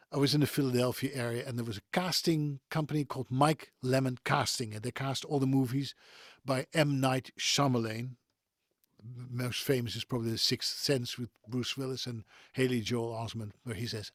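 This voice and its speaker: A man's voice: mid-range voice, fairly quick, no echo, clean studio sound. Middle-aged Dutch man, neutral European English. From Netherlands. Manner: chatty and digressive, chuckles between thoughts. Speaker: voice actor guest. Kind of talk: conversational interview. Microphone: video call.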